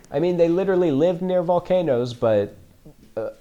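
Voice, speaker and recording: A man's voice: fairly high pitch, animated, a little fast, dark tone. A man reacting to a movie for the first time, joking, sarcastic and swearing freely as he comments. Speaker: film reaction host.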